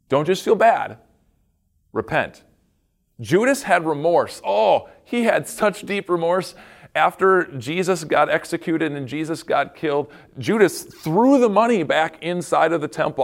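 Man preaching an animated sermon. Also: on the high side, a little slow, vocal fry. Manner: animated storytelling, swings between loud emphasis and quiet earnest asides. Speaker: pastor.

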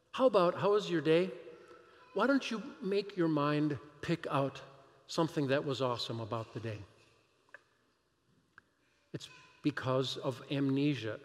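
A pastor delivering a sermon, animated and emphatic, firing rhetorical questions at the congregation. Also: male voice, on the high side, a little slow, pauses often, in a large hall.

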